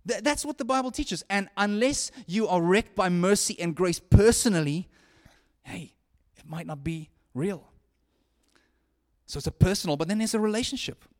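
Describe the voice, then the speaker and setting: High-voiced, animated preacher. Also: male voice, moderate pace. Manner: earnest, animated, conversational, with frequent restarts and swings from hushed to loud. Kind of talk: sermon.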